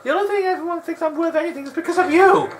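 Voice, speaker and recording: A man voicing an insecure young male hero in a strained, pleading whine, much higher than his own voice. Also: rapid-fire, a little hiss or hum. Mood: despairing.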